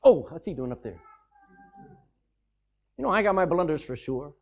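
A man preaching a sermon, animated and emphatic, with mocking, sarcastic asides. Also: on the high side, moderate pace.

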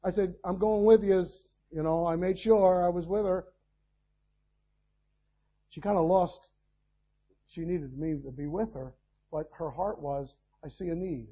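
Guy preaching, high-ish husky voice, gets loud in bursts, bit muffled sound. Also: a little slow, long pauses. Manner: preaching with sudden loud climbs. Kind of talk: sermon.

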